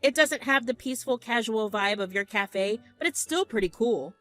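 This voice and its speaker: A woman's voice: on the high side, animated, moderate pace, fairly bright tone, faint music behind. A woman voicing a jealous, domineering young husband who blusters and pushes. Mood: smug. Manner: pushy, blustering.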